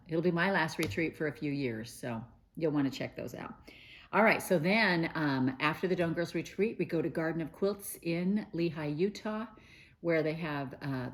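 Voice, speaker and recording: A middle-aged woman hosting a quilting show, talking in a chatty, gushing way with many fillers and restarts. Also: deep voice. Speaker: host of a quilting news show. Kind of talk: casual chat to camera.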